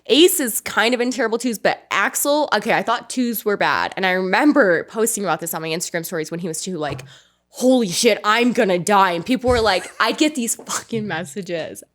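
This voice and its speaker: A woman's voice: mid-range voice, brisk, few pauses, fairly bright tone. A woman chatting as a podcast guest, telling swearing, joking stories and acting out quotes. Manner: swearing, joking storyteller who acts out quotes. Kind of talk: casual chat.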